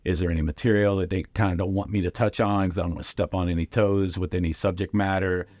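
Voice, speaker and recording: A middle-aged man telling comedy anecdotes casually, with lively impressions and lots of fillers. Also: deep voice, fast, no room sound, studio quality. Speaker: guest comedian and radio host. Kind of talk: casual storytelling.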